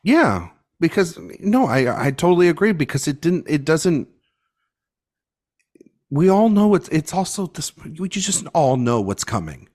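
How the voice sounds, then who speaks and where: A man co-hosting a casual film podcast, talking in an animated, halting way with frequent restarts. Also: a little high. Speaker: podcast co-host.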